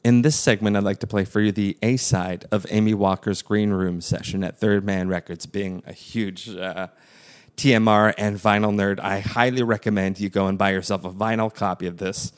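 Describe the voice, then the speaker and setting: A man's voice: lowish voice, fairly even intonation, moderate pace, smooth. A man introducing a podcast segment with enthusiasm and wry asides.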